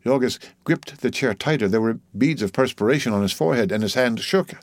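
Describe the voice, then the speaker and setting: Casting: male audiobook narrator, measured and steady, dry close recording. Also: medium pitch, no room sound.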